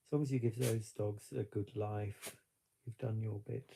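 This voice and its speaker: A man's voice: lowish voice, little pitch movement, normal speed, vocal fry, mellow, breathy edge. A man chatting on a live stream, reflective and rambling with many fillers, tearful at times. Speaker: vlogger. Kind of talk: casual live-stream chat.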